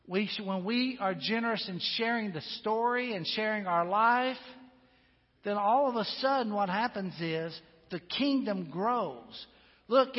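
A man with a high voice preaches an earnest, emphatic sermon. His words ring out with a long echo in a church sanctuary. The sound is dull and muffled. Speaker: pastor.

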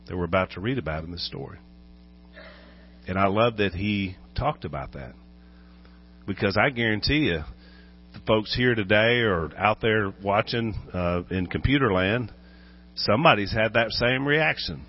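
A male pastor preaching an animated sermon, acting out the voices in the story. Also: fairly low pitch, normal speed, muffled recording, a little hiss or hum.

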